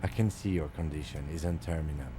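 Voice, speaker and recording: A man voicing a calm, stern male police lieutenant in a game playthrough, clipped and formal. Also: extremely low pitch, brisk, slight background noise, pitched below the performer's own voice.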